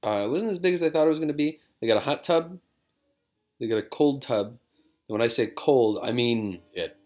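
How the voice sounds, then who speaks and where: A man's voice: mid-range voice, expressive, brisk, a little mellow. A man, a comedian, chatting casually and rambling from his living room, drifting between digressions with self-mocking humor. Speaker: comedian vlogger.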